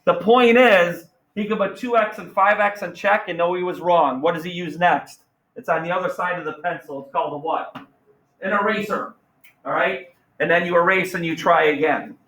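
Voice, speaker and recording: A man teaching a math class, energetic and playful, firing questions at students. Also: high voice, moderate pace, poor audio. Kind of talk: classroom lesson.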